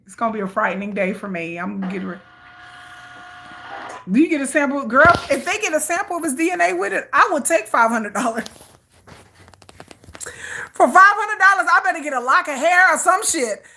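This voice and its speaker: A young woman chatting casually while walking, animated and laughing, swinging from squeals to low mutters. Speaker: vlogger.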